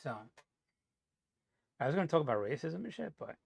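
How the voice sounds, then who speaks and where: A man's voice: fairly high pitch, big pitch swings, a little fast, gravelly, slightly rough, no echo. A man from New Jersey telling a rambling, profane story in a casual monologue, full of "you know" fillers. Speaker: vlogger.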